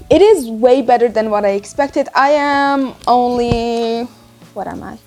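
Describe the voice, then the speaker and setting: A woman's voice: on the high side, a little slow, a little mellow, faint music behind. A young woman with a slight non-native accent rambles casually about a book she is reading, full of fillers and asides. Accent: non-native English. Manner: chatty and rambling, lots of fillers. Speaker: book vlogger. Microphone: handheld mic, then set in lap.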